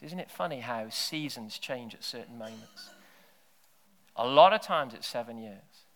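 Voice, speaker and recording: A man preaching, his voice bright and forward. He tells stories, sinking into hushed near-whispers and then rising to loud shouted bursts. His pitch sits in the middle range. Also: moderate pace. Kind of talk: sermon with storytelling.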